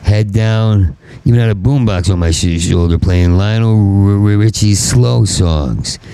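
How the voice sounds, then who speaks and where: A man's voice: on the low side, unhurried, mellow, dry recording, poor audio. A middle-aged man with a heavy stutter, delivering a rambling, bitter stand-up monologue. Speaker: stand-up comedian.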